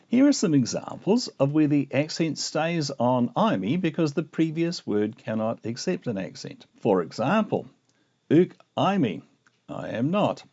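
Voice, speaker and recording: A man teaching a video lesson on Greek grammar, explaining with lively asides. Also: on the high side, slightly rough. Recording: muffled lo-fi recording.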